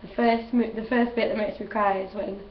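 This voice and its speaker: A woman's voice: medium pitch, fairly even intonation, moderate pace, slight background noise. Chatty young woman gushing away, echoey room, sounds kinda far from the mic. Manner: gushing, chatty, laughs often. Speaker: vlogger. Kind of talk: casual chat. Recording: roomy, distant, dull home recording.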